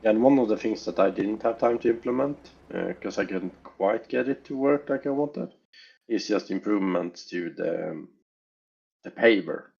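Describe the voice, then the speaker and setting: Gravelly husky man developer, lo-fi. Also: lowish voice, expressive, normal speed, darkish tone. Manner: thoughtful, hesitant, weighing options aloud. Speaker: game developer. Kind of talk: casual interview talk.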